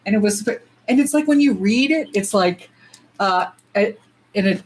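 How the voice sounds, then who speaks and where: A woman's voice: fairly low pitch, a little hiss or hum, poor audio. Chatty woman on a livestream. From United States. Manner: chatty, animated, swears freely, says y'all. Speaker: nail polish swatching livestreamer. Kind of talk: casual livestream chat.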